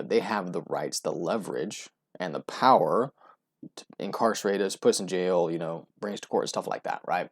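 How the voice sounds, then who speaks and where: A man's voice: lowish voice, a little mellow. An American man giving casual solo commentary on oil prices, talking loosely with many fillers, restarts and "right?" asides. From United States. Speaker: oil and gas investment commentator.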